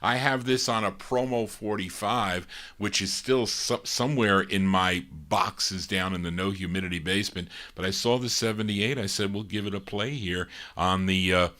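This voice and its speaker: Bright-voiced male record show host. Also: sits low, fairly even intonation, normal speed. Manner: chatty, folksy, talks straight to the listeners. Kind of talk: casual DJ patter introducing records.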